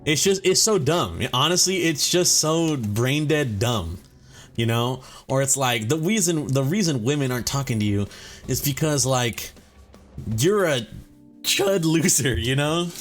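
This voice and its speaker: Unhurried and animated, a medium-pitched male host talks through a let's play. He swears casually, rambles with lots of filler and jokes around with mock-serious swagger while faint game music plays.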